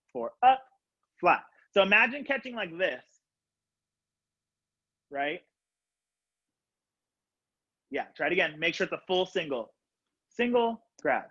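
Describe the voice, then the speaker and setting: A young man with a fairly high voice leads a color guard class from his floor at home, counting beats out loud and coaching in a casual, upbeat way full of fillers. His voice comes through a laptop webcam on a video call, with dull, muffled lo-fi sound. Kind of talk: live online class instruction.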